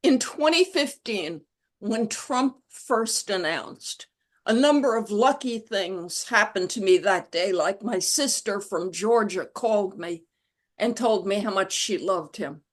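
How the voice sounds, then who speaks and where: A woman being interviewed as an author, telling stories in a reflective, measured way. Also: mid-range voice, animated. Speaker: guest author. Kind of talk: conversational interview.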